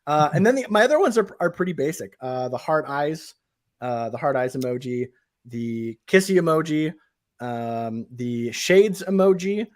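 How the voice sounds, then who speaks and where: A man's voice: on the high side, expressive, normal speed. A man hosting a tech podcast, talking casually and winding up the show with thanks to listeners. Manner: chatty, many fillers. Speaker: podcast host. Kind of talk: casual chat.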